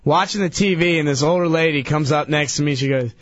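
A man on a radio talk show telling a story loudly and excitedly, acting out the people in it. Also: a little high, fast, hardly any pauses, dry recording, muffled recording. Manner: loud, excitable, acts out the people in his story.

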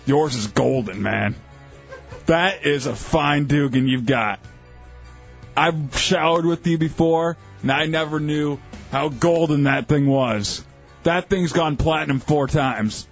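A radio host playing a nervous young male ex-football player with a halting low bro drawl, in an improvised sketch. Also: vocal fry. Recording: lo-fi radio studio with faint music.

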